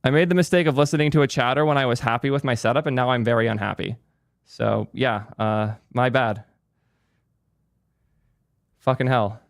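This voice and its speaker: A man's voice: medium pitch, steady tone, normal speed, creaky, pauses often, no room sound. Man, frustrated tech streamer ranting at chat, clean close-miked voice. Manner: annoyed, swearing, ranting at chat. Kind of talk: frustrated live commentary.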